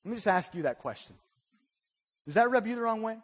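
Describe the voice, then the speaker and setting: A male pastor delivers a sermon in a strikingly high voice. He swings from hushed, quiet lines to loud, emphatic ones. His words ring out in the long reverb of a large church hall. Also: lively intonation, a little fast, slightly rough. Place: church sanctuary.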